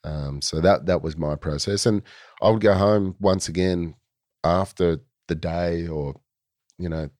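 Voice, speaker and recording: A man's voice: low-pitched, steady tone, measured pace, darkish tone, dry recording, studio quality. An Australian man in his forties, a guest telling stories in a laid-back, rambling way with plenty of fillers. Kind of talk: casual storytelling.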